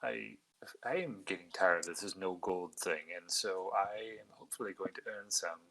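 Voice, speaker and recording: A man's voice: low voice, moderate pace, creaky, a bit bright, rough recording. A man playing a tabletop game, given to flustered exclamations. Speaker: player. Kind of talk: tabletop game role-play.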